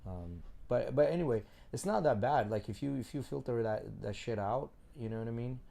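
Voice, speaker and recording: A man hosting a podcast, chatting loosely and thinking out loud, with some swearing. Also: medium pitch, animated, brisk, vocal fry. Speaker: podcast host. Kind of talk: casual chat.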